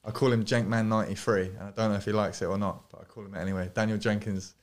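A man's voice: lowish voice, fairly even intonation, very fast. A man from the UK, a guest DJ, rambling through casual podcast stories with loose swearing and frequent laughter in a studio. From United Kingdom.

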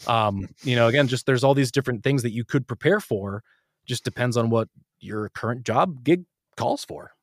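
A man with an American accent, an audiobook narrator, talking animatedly in a casual interview and jumping quickly between ideas. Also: medium pitch, dry recording, studio quality. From United States.

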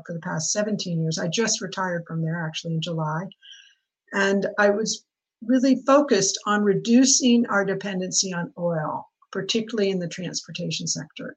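Older lady author, seventies, low husky voice, earnest steady storytelling w a few restarts. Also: poor audio. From United States. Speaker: author guest. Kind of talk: interview, telling her life story.

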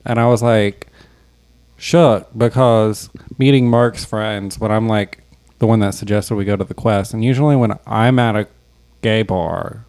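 A man co-hosting a podcast in relaxed, dry casual chat. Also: lowish voice, a little slow. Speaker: podcast co-host.

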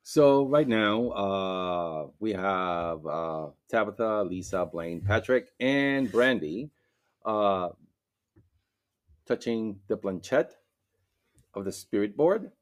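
A man hosting a spirit board session, speaking slowly and deliberately with frequent fillers. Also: on the low side, lively intonation. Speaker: session host.

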